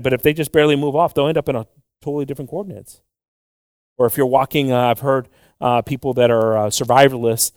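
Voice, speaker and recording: A man's voice: medium pitch, no echo, clean studio sound. A man preaching a sermon, switching between Spanish and English, with many fillers and acted-out quotes from the story. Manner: acts out quoted voices in the story. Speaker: pastor. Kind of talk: bilingual sermon.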